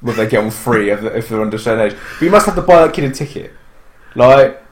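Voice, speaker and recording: A man's voice: medium pitch, expressive, fast, reverberant. A man chatting in casual banter, sweary and incredulous, with lots of disbelieving rants. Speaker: podcast co-host.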